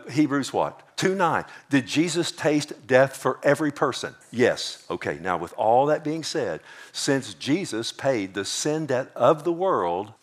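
A male pastor preaching in a mid-pitched voice, neither high nor low. He leans hard on repeated points and reads scripture aloud at a slow, measured pace. Now and then he asks the congregation "amen?". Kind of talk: sermon.

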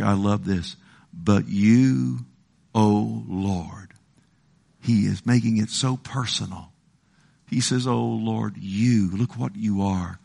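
Gravelly preacher man, swinging loud to hushed. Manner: emphatic, swings between loud rises and hushed low phrases; folksy, asides to the congregation. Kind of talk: sermon.

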